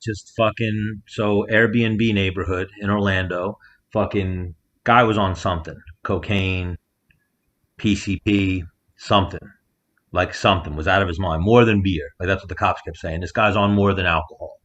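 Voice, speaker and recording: A man with a fairly low voice co-hosts a podcast from a rented house. He tells his story in a loose, profane way and punches up the quotes. The sound is muffled and lo-fi, like a remote call. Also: normal speed. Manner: animated storyteller, acts out quotes loudly. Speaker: podcast co-host. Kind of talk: casual storytelling chat.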